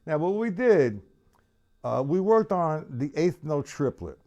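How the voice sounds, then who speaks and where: A man's voice: on the high side, sing-song, measured pace, over loud music. A man teaching a live-streamed drum lesson, chatty and loose, counting beats aloud while he plays. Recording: loud drum kit playing behind voice. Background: drum kit playing.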